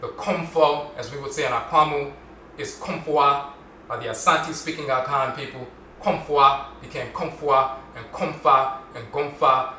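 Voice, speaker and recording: A man hosting a solo podcast lecture, explaining at length and slowly repeating terms to show how they are pronounced. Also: medium pitch, sharp tone, slight background noise. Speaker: podcast host. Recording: roomy echo, mic at a distance.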